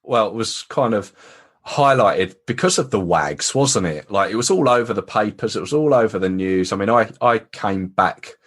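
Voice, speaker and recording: A man hosting a casual podcast interview, his voice sitting fairly low. He mostly listens and drops in short, encouraging prompts. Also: animated, normal speed, fairly bright tone, slightly rough. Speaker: podcast host.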